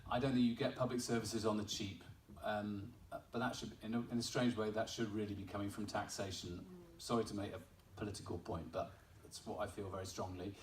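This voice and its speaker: Man with an English accent giving an offhand awards-night speech, caught by a distant mic in an echoey room. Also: mid-range voice. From Wales. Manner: chatty, self-deprecating, laughing at his own story. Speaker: member of parliament. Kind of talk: informal speech at an awards ceremony. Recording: echoey hall, voice picked up from afar.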